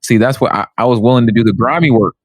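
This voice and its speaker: Fast slangy man on a podcast. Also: medium pitch, husky, no echo, clean studio sound. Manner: fast slangy bragging, leans on "fam" and "bro". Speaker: podcast co-host. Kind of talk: casual argumentative chat.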